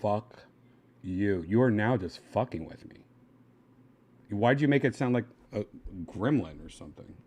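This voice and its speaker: A man's voice: on the low side, animated, a little slow, darkish tone, slightly rough. Crude, teasing male streamer. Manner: crude, mocking, exasperated. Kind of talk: casual livestream chat.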